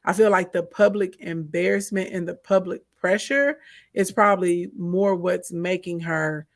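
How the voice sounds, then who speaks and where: A woman with a Southern US accent co-hosting a casual chat, animated and emphatic as she talks listeners through her views. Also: lowish voice, a little slow, no room sound, studio quality. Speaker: co-host.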